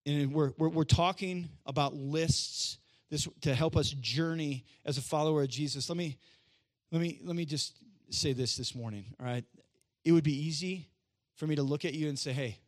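A man preaching a sermon as pastor to his church, conversational, repeating phrases and asking "right?", moving between quiet lines and loud emphasis. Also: a little high.

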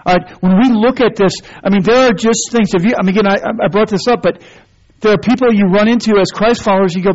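Man, pastor preaching, fairly high voice, husky tone, muffled lo-fi recording. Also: quick pace, darkish tone. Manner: conversational, repetitive restarts, rising to emphatic. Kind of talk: sermon. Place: church sanctuary. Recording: dull lo-fi sermon recording.

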